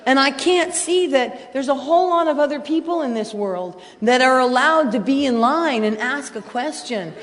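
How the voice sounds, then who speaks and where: A middle-aged woman speaking at a recovery convention, blunt and self-mocking, swinging between quiet and loud. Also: high-pitched, animated, moderate pace, hardly any pauses. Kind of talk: personal share at a convention. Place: large hotel ballroom. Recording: hall reverb from a convention room.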